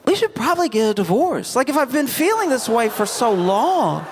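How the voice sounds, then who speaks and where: A man's voice: extremely high pitch, very animated, moderate pace, slight background noise, pitched above the performer's own voice, exaggerated voice. Man putting on a hesitant young wife. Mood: wavering. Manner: hesitant, rambling, full of "like" and "I don't know". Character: unsure young woman, wife drifting from her husband.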